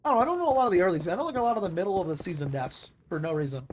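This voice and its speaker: A streamer talking loosely over a game at a middling pitch, rambling through thoughts with plenty of fillers and casual swearing. A faint hiss sits under the voice. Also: lively intonation, very fast. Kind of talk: casual chat over live gameplay.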